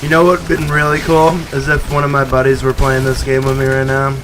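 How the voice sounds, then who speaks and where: A man's voice: mid-range voice, monotone, a little fast, noisy background. A man streaming a video game in casual, joking commentary, sometimes swearing and reading the on-screen text aloud.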